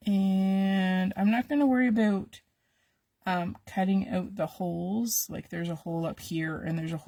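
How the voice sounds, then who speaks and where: A woman's voice: medium pitch, steady tone, a little slow, dark tone, no echo. A woman who is losing her voice, chatting to viewers while she demonstrates a craft on a live stream. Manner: talks to viewers while she works, with little asides.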